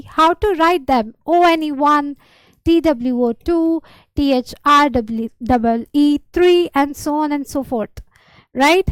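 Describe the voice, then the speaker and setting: A woman's voice: sits high, no room sound, poor audio. A woman patiently teaching a beginner lesson, repeating words and giving simple examples. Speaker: language teacher.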